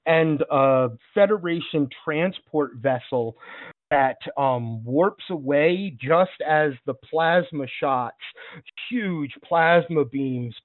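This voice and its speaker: A man narrating as game master of a tabletop game in a relaxed, halting way with fillers. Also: on the high side, no room sound, phone-quality sound.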